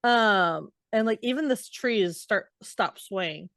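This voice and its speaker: A woman's voice: mid-range voice, expressive, slow, a bit bright, no echo, studio quality. A woman co-hosting a book podcast, recapping chapters in a chatty, hesitant way full of asides. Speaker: podcast co-host. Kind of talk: casual book recap chat.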